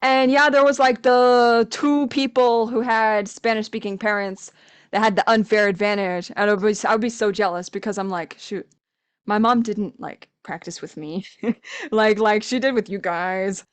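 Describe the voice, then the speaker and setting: A woman's voice: medium pitch, moderate pace, clear, resonant tone. Chatty young woman telling stories. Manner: animated storytelling, acts out quoted voices, laughs often. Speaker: podcast guest, language coach. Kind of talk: casual conversation.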